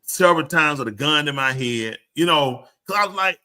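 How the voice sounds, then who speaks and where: Speaking at normal speed in a slightly high voice, this older man is a preacher sharing stories conversationally. His manner is animated, and he raises his voice to act out lines of dialogue.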